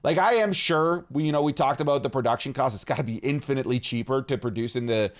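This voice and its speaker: A man from Canada co-hosting a podcast, talking in an excitable, animated way and often saying "dude". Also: medium pitch, fast. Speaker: podcast co-host. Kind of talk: casual chat.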